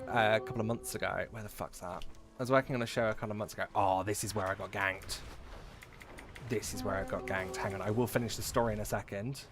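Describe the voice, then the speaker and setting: A man's voice: fairly low pitch, a bit bright. A man from near London, chatting casually and rambling as he live-streams a game, swearing now and then. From England, near London.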